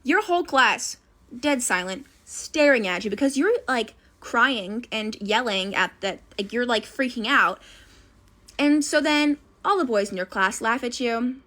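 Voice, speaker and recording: A young woman telling a school story in a casual, animated way, addressing the listener as "you". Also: a little high, a little slow. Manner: animated second-person storytelling.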